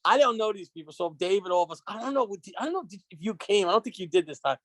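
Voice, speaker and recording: A man telling profane stories as a podcast guest, animated and laughing as he goes. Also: high voice, very fast, dry recording. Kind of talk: casual podcast storytelling.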